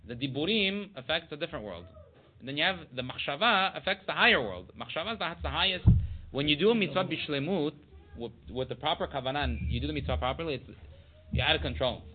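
A man's voice: a little high, lively intonation, quick pace. A man giving a casual Torah class, talking conversationally with many asides and Hebrew terms. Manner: conversational, full of "you know" and Hebrew terms. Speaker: Torah teacher. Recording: tinny phone-like line with faint noise.

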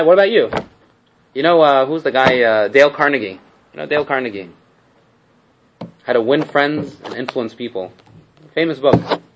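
A man's voice: fairly high pitch, fairly bright tone, a little hiss or hum, poor audio. A man giving a casual Torah class, telling stories with rhetorical asides, Hebrew terms and frequent restarts. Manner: repeats and restarts phrases while storytelling. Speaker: Torah teacher.

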